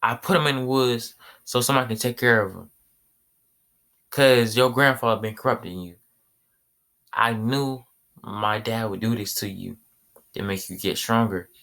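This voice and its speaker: A man's voice: medium pitch, steady tone, normal speed, creaky, long pauses, fairly bright tone. A man voicing a secretive, stubborn mother in an anime story, speaking matter-of-factly. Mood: explaining.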